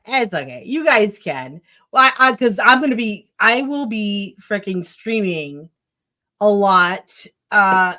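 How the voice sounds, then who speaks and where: A woman's voice: medium pitch, a bit bright, slight background noise. A woman hosting a casual livestream chat, talking loosely and offhand with guests and laughing easily. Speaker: livestream host.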